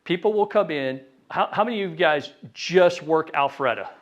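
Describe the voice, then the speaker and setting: Man, sales trainer, lively, talks to a live room, acts out calls, raised pitch, dull lo-fi audio. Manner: lively, acts out phone calls in quick voices. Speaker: real estate sales trainer. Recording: dull lo-fi sound.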